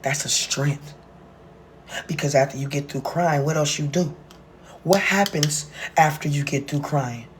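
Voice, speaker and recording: Vlogger preaching about prayer, slangy and fervent, mid-pitched voice, a little hiss behind. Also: a little slow. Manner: casual street slang and drawl. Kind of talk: personal vlog monologue.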